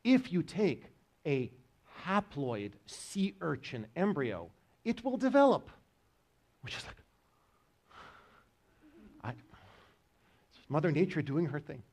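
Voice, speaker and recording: A man's voice: on the high side, very animated, takes it slowly, pauses often, darkish tone. A man giving a university biology lecture, joking with his students as he explains. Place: lecture hall.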